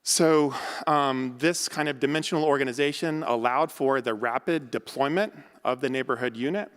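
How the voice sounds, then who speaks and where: An American architect-academic lectures to a room, his speech quick and dotted with fillers. His voice is smooth and mid-pitched. It carries a long hall reverb. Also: a bit bright. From United States. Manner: quick, loose delivery with frequent ums and uhs. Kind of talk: conference lecture.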